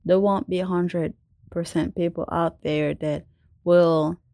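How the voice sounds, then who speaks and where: A young adult woman with a foreign accent answering interview questions in a slow, deliberate way. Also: fairly low pitch, steady tone, warm tone, no echo, clean studio sound.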